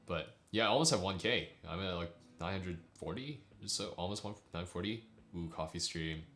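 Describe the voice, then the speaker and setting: A man's voice: low voice, moderate pace, a bit bright, reverberant. A young man chatting casually with his livestream viewers, rambling and laughing often. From United States. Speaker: streamer.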